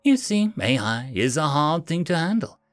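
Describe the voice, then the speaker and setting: A man voicing a mocking, shapeshifting female machine envoy who talks slowly and teasingly. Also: on the high side, very animated, no room sound, studio quality, faint music behind. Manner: smug, teasing, slow and deliberate.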